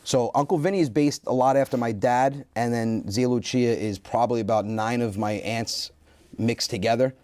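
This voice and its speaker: A man in a casual interview, telling comic stories with lots of energy. His pitch sits in the middle of the range, and his voice comes across close and dry, with almost no room sound. He throws himself into quoting other people in his stories. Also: moderate pace, no echo. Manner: animated, acts out quoted voices. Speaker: comedian guest.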